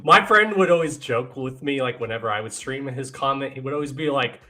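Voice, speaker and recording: A man's voice: mid-range voice, fairly quick, bright, forceful tone. A man chatting casually on a podcast, laughing often and chiming in with short agreement. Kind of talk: casual chat.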